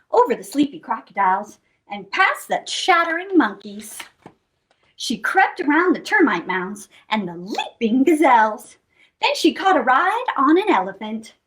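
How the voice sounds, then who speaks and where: A woman hosting a children's storytime reads a picture book aloud. Her voice sits high and swoops up and down with sing-song expression. She takes her time over each line.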